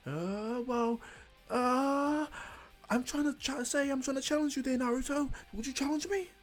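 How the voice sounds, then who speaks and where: A man voicing an earnest young male ninja in a much higher voice, with hesitant, stumbling eagerness. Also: moderate pace. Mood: eager. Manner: high-pitched and hesitant, stumbling with eager fillers.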